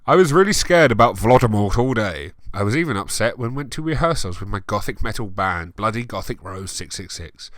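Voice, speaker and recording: A man's voice: animated, fairly quick, few pauses, fairly bright tone, no room sound, studio quality. A man voicing a melodramatic teenage goth girl narrator, whiny and overwrought, for a comic story reading. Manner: overwrought, whiny, raised pitch.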